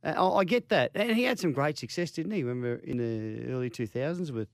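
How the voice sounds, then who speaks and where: A man's voice: medium pitch, animated, gravelly, dry recording. An Australian man trades casual sports banter as a radio co-host, starting and restarting his thoughts. His voice sits in an ordinary middle register. The studio sound is dry and close. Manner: chatty, quick to laugh, trailing restarts. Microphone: studio microphone.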